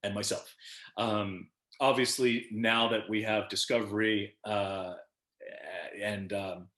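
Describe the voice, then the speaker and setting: A man's voice: lowish voice, takes it slowly. A man in his fifties, a guest on a video call interview, telling stories with lots of laughter and acting out the quotes. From United States. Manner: animated storyteller who laughs often and acts out the quotes. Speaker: actor guest. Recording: echoey room.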